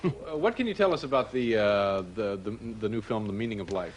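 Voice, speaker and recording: A man hosting a talk show, asking dry, halting questions full of hesitations. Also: on the low side, animated, noisy background.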